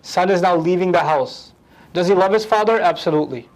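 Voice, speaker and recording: A man teaching a lecture on the language of the Quran, animated and humorous, acting out quotes. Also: sits high, fairly quick, rough recording.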